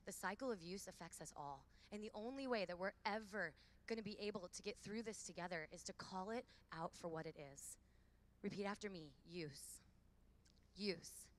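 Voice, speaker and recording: A woman in her thirties giving a lively faith talk to a large hall of women, with call-and-response. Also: fairly low pitch, slight background noise. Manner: lively, preachy, calls for audience repeats. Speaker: conference speaker.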